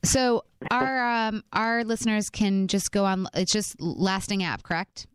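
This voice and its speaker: A woman's voice: mid-range voice, measured pace, clear, resonant tone, no echo, clean studio sound. Playful woman podcast co-host. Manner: playful, laughing, animated storytelling. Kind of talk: casual chat.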